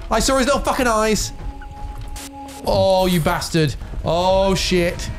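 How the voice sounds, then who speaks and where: A man with a very high voice, playing a video game. He swears freely, shouts and laughs a lot, and his pitch swings widely. There is music in the background. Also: expressive, slow pace. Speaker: gaming group member. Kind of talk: excited gaming banter.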